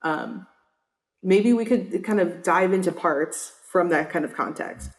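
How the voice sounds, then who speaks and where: Low-voiced woman podcast host. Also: lively intonation, measured pace. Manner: tentative, lots of "like" and "uh". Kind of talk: conversational podcast interview.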